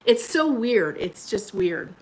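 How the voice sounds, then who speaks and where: A woman's voice: medium pitch, very animated, slow pace, a little mellow, a little hiss or hum, poor audio. A woman hosting a casual livestream from home, chatting with viewers, reading their comments and laughing often. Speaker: livestream host. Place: home indoors by a window.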